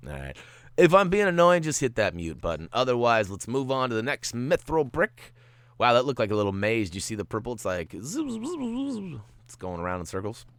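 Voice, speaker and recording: A man's voice: medium pitch, animated, fairly quick, a bit bright, smooth, no room sound. A man hosting a video game walkthrough, giving tips in a playful, jokey way with goofy asides. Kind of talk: gameplay commentary.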